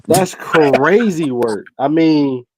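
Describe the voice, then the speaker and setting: A man's voice: on the high side, expressive, slow, a loud crowd. A man on a podcast video call, answering a host's dating quiz in a laid-back way with blunt slang. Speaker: podcast guest taking a quiz. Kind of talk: casual group chat on a video call.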